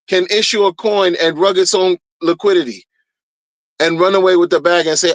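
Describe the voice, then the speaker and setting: A man's voice: high voice, fairly even intonation, normal speed, no room sound. A man ranting in a casual, blunt way, slangy and repetitive, as a crypto streamer. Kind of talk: casual rant.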